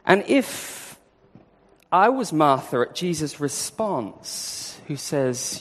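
A man preaching a sermon, telling the story in a lively way and acting it out. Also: fairly high pitch, slow, creaky. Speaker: pastor. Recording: long hall reverb.

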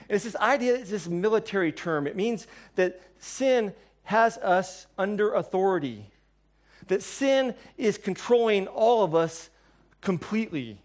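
A man preaching a sermon as pastor, conversational and emphatic, with quick asides to his listeners. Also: high voice.

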